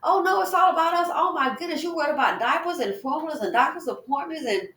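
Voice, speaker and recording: A woman's voice: high-pitched, animated, fast, fairly bright tone, recorded from a distance, pitched above the performer's own voice. A woman mimicking a whiny childish man. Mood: mocking. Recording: echoey room.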